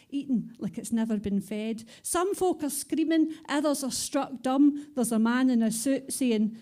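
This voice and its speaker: A Scottish woman recites Scots-laced poetry live in a bar, her rhythmic delivery bouncing along. Her voice sits on the higher side, and she reads into a stage microphone. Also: dark tone. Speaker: poet. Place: bar venue, live event.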